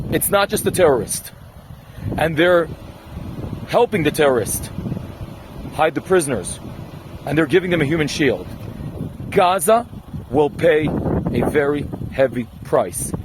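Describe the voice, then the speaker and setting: A man making an urgent, forceful public appeal outdoors. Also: fairly high pitch. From Israel. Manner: forceful, declarative. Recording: loud wind and outdoor noise.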